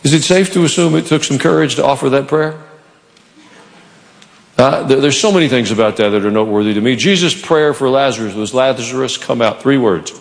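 Gravelly-voiced male pastor in a reverberant hall. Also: mid-range voice, fairly quick. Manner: animated storytelling, acting out quoted lines. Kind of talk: sermon. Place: church.

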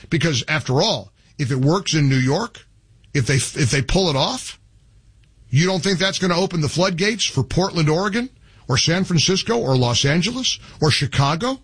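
A man's voice: fairly high pitch, a bit bright, breathy edge, dry recording. A man hosting a talk radio show, giving emphatic opinionated commentary and taking calls. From Irish family heritage. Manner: emphatic, opinionated, laughs at callers. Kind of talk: talk radio commentary and host-read ads.

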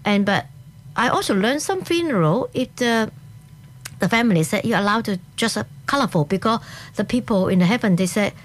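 Animated woman with a Hong Kong accent. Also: medium pitch, brisk. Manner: animated, speaks in short bursts with restarts. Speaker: guest. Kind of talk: casual interview chat.

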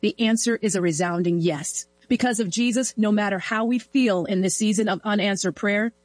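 Woman, devotional host, earnest, reflective, dry, average pitch. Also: normal speed, no echo, poor audio. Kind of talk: reading a Bible devotional.

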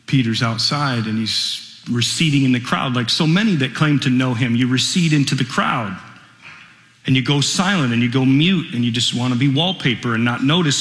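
A man preaching a radio sermon, swinging from hushed storytelling to fervent, rising delivery. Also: mid-range voice, moderate pace, echoey room, in a large hall.

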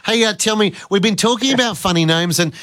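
A man, hosting a radio show and chatting with callers in a jokey, animated way. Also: sits high, quick pace, no echo, clean studio sound. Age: 50s. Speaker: radio host. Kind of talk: casual radio chat with callers. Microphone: studio microphone.

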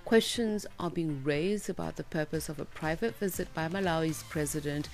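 Gravelly-voiced woman co-hosting radio. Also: low voice, moderate pace, faint music behind. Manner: warm, conversational, reads headlines with fillers. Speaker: radio morning show co-host. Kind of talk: live radio presenting. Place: radio studio.

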